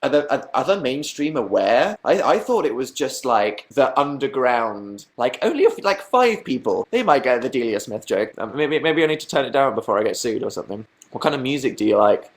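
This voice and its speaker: A man's voice: mid-range voice, big pitch swings, a little fast, hardly any pauses. Rambling young man chatting to a live chat. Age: young adult. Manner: rambling, self-mocking, swears freely, breaks into laughs. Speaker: YouTuber answering live chat. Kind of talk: casual live-stream chat.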